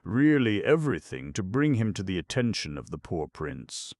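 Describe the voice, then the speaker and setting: A man's voice: on the low side, very animated, normal speed, darkish tone, no room sound, clean studio sound, pitched above the performer's own voice. A man voicing an earnest, fretful squirrel who laments and protests in a storybook reading.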